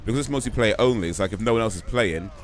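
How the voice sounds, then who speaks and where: Tired, low-voiced male game streamer. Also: very fast, faint music behind. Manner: chatty, reads viewer comments aloud and answers them. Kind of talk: casual live-stream chat while gaming. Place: home gaming setup in the UK.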